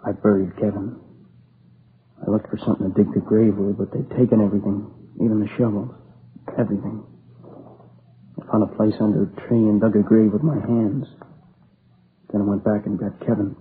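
A man's voice: on the low side, flat delivery, natural voice. A man playing a shaken young survivor. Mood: grief-stricken. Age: young adult. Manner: halting, broken restarts, near tears. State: exhausted. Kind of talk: 1950s radio crime drama. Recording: tinny lo-fi old broadcast with hiss.

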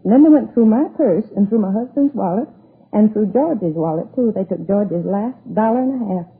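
An actress playing an older tavern owner's wife in a 1950s radio police drama, rambling and hesitant. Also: female voice, medium pitch, animated, normal speed, husky. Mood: flustered. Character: aging woman, rattled, chatty, fretting over husband. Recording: narrow lo-fi old radio broadcast.

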